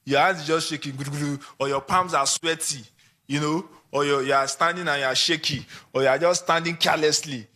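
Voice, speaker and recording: A Nigerian man gives a conference talk to photographers. His voice sits high and comes across bright and forceful. He talks in an animated way and acts out small examples along the way. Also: a little fast. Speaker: conference speaker.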